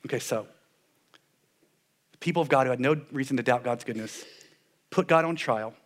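A man preaching a sermon in an animated way, with sarcastic asides, dropping his voice low for solemn points. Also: moderate pace. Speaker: pastor.

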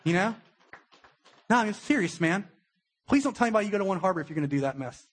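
A young adult man, a pastor, giving a conversational sermon with a husky voice and acted-out quotes. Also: sits high, animated, quick pace. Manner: conversational preaching with acted-out quotes, emotional at times.

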